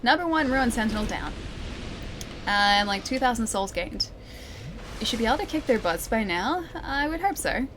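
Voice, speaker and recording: A woman's voice: fairly high pitch, animated, normal speed. Young Australian woman, let's play streamer, chatty and giggly, faint hum behind. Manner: chatty, giggly, talks to chat while playing.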